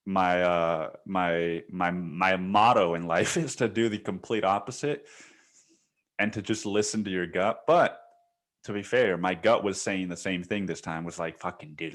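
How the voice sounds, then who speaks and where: Low-voiced man rambling with laughs. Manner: rambling, laughing, swears a lot, says dude. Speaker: podcast host. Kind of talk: casual solo podcast monologue.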